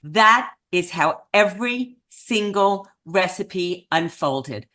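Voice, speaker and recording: A woman's voice: on the low side, expressive, slow pace, sharp tone. A woman giving an earnest, self-deprecating storytelling talk to an audience. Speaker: speaker at a memorial event.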